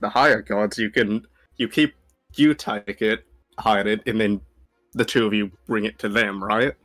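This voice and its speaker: A man's voice: on the low side, steady tone, measured pace, fairly bright tone. A man playing a tabletop game, rambling through plans with many likes and restarts. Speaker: player. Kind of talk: casual tabletop play.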